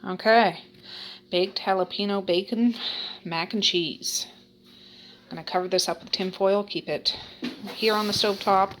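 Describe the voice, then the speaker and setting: A woman's voice: medium pitch, steady tone, moderate pace, pauses often, a bit bright. Woman vlogger, chatty and laughing, home video with faint noise. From Nova Scotia, Canada. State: out of breath. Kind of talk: casual cooking vlog. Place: home kitchen and attic.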